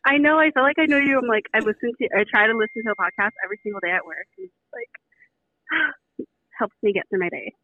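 A young woman from California calling in over a tinny, dry phone line. Her voice sits a little high, and she sounds excited and giggly, like a fan finally getting to talk. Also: brisk, no echo. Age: 20s. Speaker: caller.

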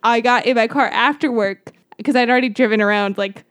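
A young woman chatting casually on a podcast, telling a story in a loose, rambling way full of "like". Her voice sits a little high. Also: steady tone, a little fast, fairly bright tone. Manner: rambling storyteller, heavy use of "like". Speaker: podcast co-host. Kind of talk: casual chat.

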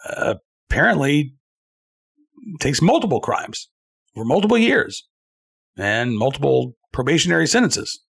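A man's voice: medium pitch, very animated, a little slow, creaky, long pauses, a bit bright, husky. A man hosting a commentary show, delivering an opinionated, sarcastic monologue with frequent "uh" fillers. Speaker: show host.

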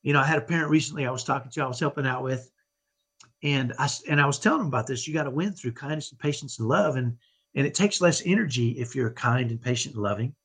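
A man's voice: medium pitch, quick pace, a bit bright, breathy edge. A middle-aged man giving an earnest, motivational parenting talk as a podcast guest, often checking in with "right?". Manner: earnest, tags points with "right?".

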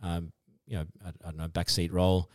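Aussie guy, really low voice, dry close sound, keeps restarting, modest. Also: level tone, no room sound. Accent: Australian. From Australia. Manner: modest, halting with frequent restarts. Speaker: podcast guest. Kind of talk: casual interview chat.

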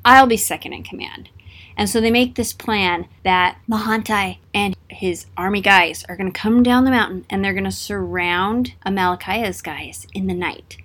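A woman casually retelling an old story in a playful, lively way. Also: mid-range voice, normal speed, hardly any pauses.

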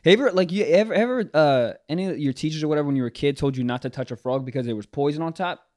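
A man's voice: a little high, racing, a little mellow. A young man co-hosting a casual podcast, laid-back, laughing often and calling people dude. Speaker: podcast co-host. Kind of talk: casual chat.

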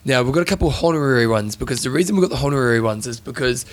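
A man's voice: medium pitch, expressive, very fast. A man with a New Zealand accent co-hosting a podcast, jokey and bantering in casual chat. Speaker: podcast co-host.

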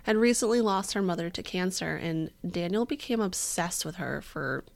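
A woman's voice: on the low side, lively intonation, normal speed, vocal fry. A woman co-hosting a podcast, telling a true-crime story in casual chat, swearing freely and acting out the people she quotes. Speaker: podcast co-host.

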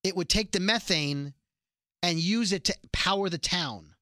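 A man casually recapping a TV episode, telling it in an animated way and acting out the characters' lines. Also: sits high, measured pace, no echo, studio quality. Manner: animated storytelling, acts out quotes.

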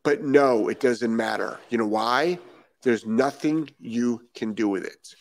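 Emphatic dog trainer on a live stream. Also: male voice, mid-range voice, a little slow, no echo. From Rhode Island. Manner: emphatic, repeats key phrases, asks rhetorical questions. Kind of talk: live stream chat reading viewer comments.

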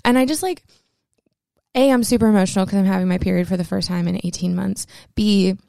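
A woman's voice: mid-range voice, fairly quick, gravelly, warm tone, dry recording. A young woman telling a personal story to camera, candid and emotional, chatty with many fillers and close to tears at times. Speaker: vlogger.

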